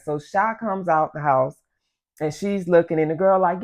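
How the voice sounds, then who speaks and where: A woman recounts a personal story in a casual, animated storytime style, speaking straight to her viewers. Her voice sits a little low for a woman. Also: normal speed, lo-fi sound. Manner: animated, addresses the audience as y'all. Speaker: vlogger telling a story.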